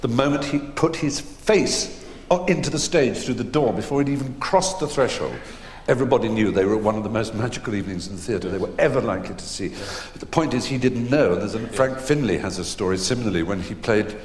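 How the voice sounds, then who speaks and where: Middle-aged English man, deep voice, hesitant anecdotal storyteller on a live stage, faint hall reverb. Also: brisk, hardly any pauses, darkish tone. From England. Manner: rambling, hesitant storytelling with many fillers. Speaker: guest performer. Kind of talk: anecdotes before a live audience. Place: theatre stage. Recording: echoey hall, faint noise.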